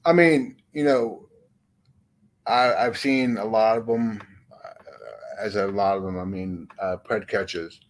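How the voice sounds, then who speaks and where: A man's voice: fairly low pitch, slow pace, pauses often. A man chatting casually, rambling with many fillers and frequent swearing. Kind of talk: casual chat.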